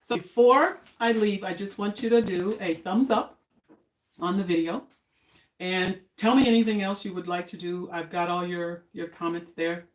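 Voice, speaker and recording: An older woman chatting casually on a home cooking live stream, homey and relaxed, talking while she eats. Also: fairly low pitch, normal speed, roomy sound. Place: home kitchen.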